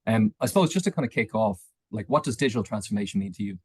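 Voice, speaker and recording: Male webinar host, low and quick, dry close sound, casual hedging questions. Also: expressive, a little mellow, breathy edge, no room sound. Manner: conversational, hedging with "kind of" and "I suppose". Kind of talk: interviewing a guest. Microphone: video call.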